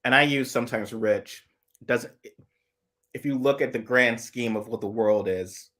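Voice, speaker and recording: A man co-hosts a casual live chat with a mid-range, sharp-toned voice, fairly even intonation, and a measured pace. He rambles through long analytical asides, restarting his thoughts many times.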